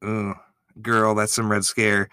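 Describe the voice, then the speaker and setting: A man giving excitable, gushing reaction commentary, swearing freely as he reacts. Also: fairly low pitch, slow pace, smooth, dry recording, clean studio sound.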